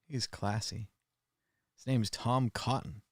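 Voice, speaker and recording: A man's voice: medium pitch, fairly even intonation, a little slow, slightly rough, no room sound, clean studio sound. A man hosting a casual news commentary livestream, chatty and sarcastic, with lots of filler sounds. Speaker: show host.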